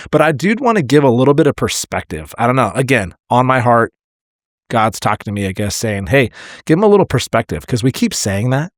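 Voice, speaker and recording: A man's voice: mid-range voice, dry recording. Podcast co-host, man, firefighter, blunt and emotional storyteller, dry close mic. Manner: candid, swears freely, emotional storytelling. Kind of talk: casual podcast chat.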